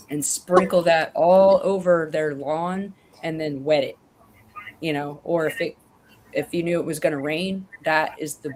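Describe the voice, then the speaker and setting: A woman's voice: low voice, a little hiss or hum. A woman in casual chat, rambling and correcting herself as she tells stories over a remote call.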